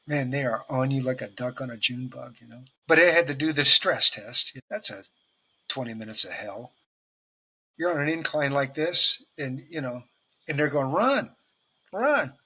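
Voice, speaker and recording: A man's voice: mid-range voice, normal speed, sharp tone, breathy edge. A man co-hosting a casual talk show, telling rambling, jokey stories with casual swearing. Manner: rambling storyteller, swears casually, laughs often. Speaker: podcast co-host. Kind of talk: casual chat.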